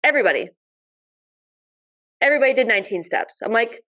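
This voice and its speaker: Animated, swearing woman telling stories. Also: mid-range voice, normal speed, highs cut off. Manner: animated storyteller, mild swearing. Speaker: podcast guest, dog sport competitor. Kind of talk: casual podcast chat.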